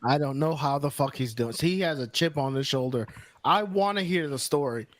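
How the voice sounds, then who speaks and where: A man's voice: medium pitch, brisk, dry recording. A man co-hosting a casual wrestling podcast, adding short, profane reactions. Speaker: podcast co-host.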